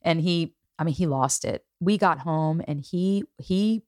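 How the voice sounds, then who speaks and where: A woman in her forties hosting a podcast, telling stories in a casual, emotional and animated way. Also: deep voice, unhurried, no echo, clean studio sound. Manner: emotional, animated storytelling with acted-out quotes. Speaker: podcast host. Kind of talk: casual chat.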